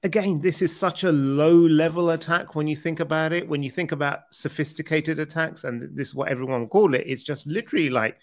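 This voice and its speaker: A man's voice: a little high, a little fast, few pauses. A British man co-hosting a casual podcast chat, talking loosely, laughing often and repeating words as he goes. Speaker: podcast co-host.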